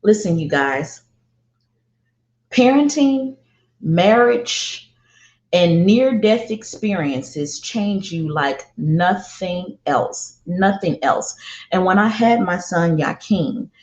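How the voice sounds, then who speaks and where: Middle-aged mom telling a story, lowish voice, kinda echoey and muffled. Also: female voice, expressive, darkish tone. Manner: emphatic, slow and deliberate with heartfelt repetition. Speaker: parenting speaker. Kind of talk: personal storytelling monologue. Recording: roomy, dull lo-fi sound.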